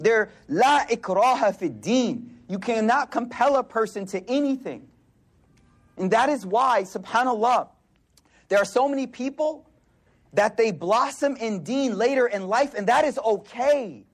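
Very high-pitched and expressive, a forties-aged man delivers a sermon at a measured pace using casual street slang. He tells stories and performs the voices of the people in them.

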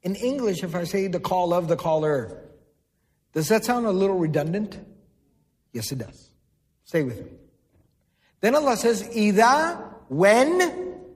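A man giving a sermon, explaining terms, repeating words for emphasis and putting questions to the audience. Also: high voice. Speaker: Islamic preacher. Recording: long hall reverb.

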